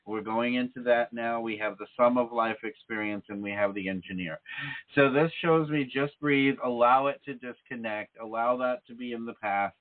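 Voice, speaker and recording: Guy hosting a psychic call-in show, calm and measured, keeps saying okay?, tinny phone-line sound. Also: mid-range voice. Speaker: psychic radio show host. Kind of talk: call-in radio reading. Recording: phone-like radio audio.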